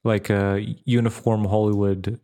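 A man's voice: on the low side, level tone, unhurried, mellow. A man casually reviewing a film with friends, talking in loose, rambling sentences full of restarts. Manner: rambling, many restarts and fillers. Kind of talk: casual movie review chat.

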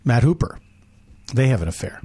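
A man's voice: mid-range voice, very animated, brisk, mellow, husky. A man in casual comedic chat, bantering and mock-exasperated.

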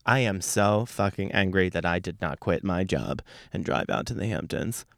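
Young man, podcast host, profane comic rant, smooth clear voice, dry close sound. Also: low voice, normal speed, no echo. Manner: brash, foul-mouthed, animated storytelling with laughs. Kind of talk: profane comedic monologue.

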